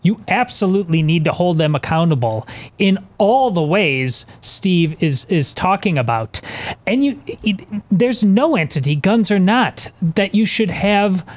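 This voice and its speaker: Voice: medium pitch, sing-song. A co-host on a talk radio show who speaks earnestly, stumbling through frequent restarts. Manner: halting, many restarts, earnest.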